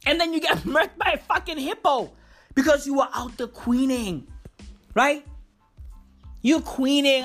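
A woman with a fairly high voice rants for laughs in slang, swearing freely and circling back to the same lines. She talks slowly, stretching out her words. Faint music plays behind her. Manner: profane slangy rant, repeats lines for effect. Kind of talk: comedic rant.

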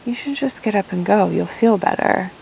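A woman voicing her kind, patient inner voice that gently coaxes her. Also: medium pitch, normal speed, vocal fry, a little hiss or hum, lightly acted, low-quality recording. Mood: gentle urging. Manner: gentle coaxing.

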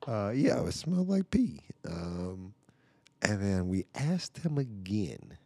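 A man's voice: lowish voice, huge pitch swings, takes it slowly, gravelly, a little mellow, breathy edge, no echo. A father podcasting from home, telling a story in a casual, rambling way, full of "like" and "right?" asides.

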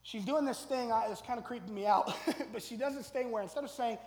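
Male pastor, very high voice, conversational sermon, builds to loud emphatic bursts, echoey church hall. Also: brisk. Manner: conversational, tags lines with "right?", builds to loud emphatic stretches. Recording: echoey hall, long reverb.

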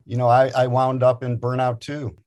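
A man speaking at an ordinary, middle pitch tells a long personal story as a guest. His delivery is earnest and thoughtful, measured in its pacing. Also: monotone, a little mellow. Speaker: chaplain and physician guest. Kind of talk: reflective storytelling.

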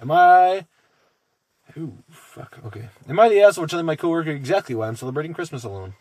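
A man with a slightly high, husky voice co-hosts a casual podcast, reading posts aloud and launching into profane, mocking rants. The sound is dry and close. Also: animated, fast, no echo. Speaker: podcast co-host.

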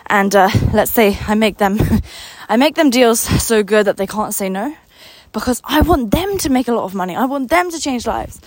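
A woman's voice: a little high, animated, normal speed, hardly any pauses, no echo. A young woman business coach giving an unscripted motivational talk, enthusiastic, a little out of breath, repeating words for emphasis. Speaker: business coach and company founder.

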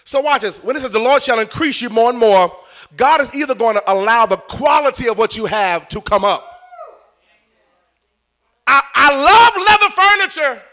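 A man's voice: very high-pitched, animated, moderate pace, sharp tone. A middle-aged man preaching a live sermon in church, joking with and coaxing the congregation.

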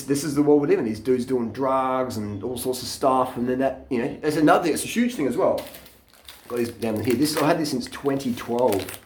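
A man talks straight into his camera in a blunt, profane rant. His voice sits in the middle range and carries an echo from the room. He gets animated and laughs at his own stories. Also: mid-range voice, slight background noise. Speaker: vlogger. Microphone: camera mic.

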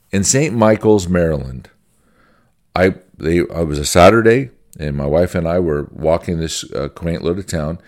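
A man's voice: sits low, a little mellow. A man, a pastor, giving an informal church-history teaching in a conversational, folksy way, repeating phrases as he goes.

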